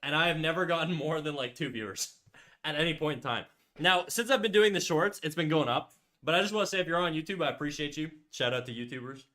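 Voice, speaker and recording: A man's voice: on the high side, expressive, quick pace, pushed and bright. A man hosting a casual livestream while drawing. He rambles and restarts, says "like" often, swears freely, and reads out and answers chat messages. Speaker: livestream host.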